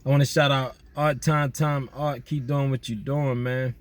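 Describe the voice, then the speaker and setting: Male vlogger, casual slangy shout-out chat, outdoors at night. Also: mid-range voice, normal speed. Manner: relaxed slangy banter with listeners. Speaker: vlogger doing viewer shout-outs.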